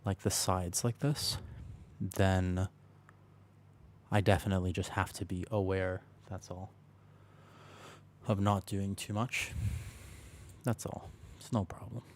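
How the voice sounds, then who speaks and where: Soft-spoken playful male streamer. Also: deep voice, steady tone, slow, long pauses, slight background noise. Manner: playful, chatty, talks to chat by name. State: speaking quietly to rest a sore voice. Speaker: livestreamer. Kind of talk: casual chat while gaming. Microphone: close desk microphone.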